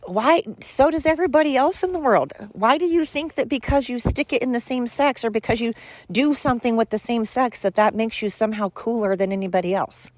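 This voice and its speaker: A woman's voice: a little high, fairly quick, dry recording. Blunt, exasperated woman ranting. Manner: blunt, crude, exasperated, rambling with fillers. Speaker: podcast host. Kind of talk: solo opinion podcast rant.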